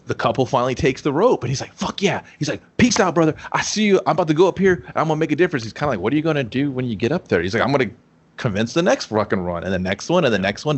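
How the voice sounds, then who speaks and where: Animated man chatting about a movie. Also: medium pitch. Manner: animated, swearing, acts out characters' lines. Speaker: podcast co-host. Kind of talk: casual movie review chat.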